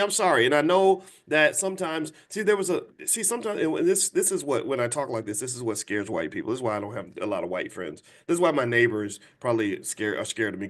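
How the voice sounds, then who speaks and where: A fifty-something man with a mid-range, fairly bright voice hosts a livestream for an audience. Blunt and insistent, he keeps starting over and calling on viewers to answer.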